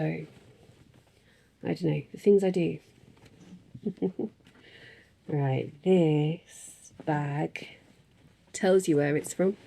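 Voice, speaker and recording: A woman's voice: sits low, creaky, warm tone, breathy edge. A woman in a casual craft vlog, chatting in a rambling way with frequent ums and little laughs. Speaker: craft vlogger. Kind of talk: casual chat.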